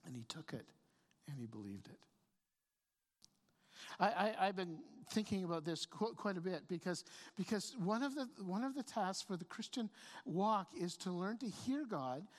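A woman's voice: fairly low pitch, animated, normal speed. A woman pastor delivering a sermon, telling the story in a conversational way and often repeating words as she restarts her phrases. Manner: storytelling preacher, frequent stammered restarts. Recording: long reverb of a large hall.

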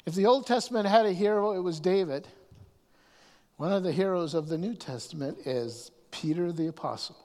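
A man preaching a sermon, often restarting his words and swinging from hushed asides to raised emphasis. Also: high-pitched, moderate pace. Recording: long hall reverb.

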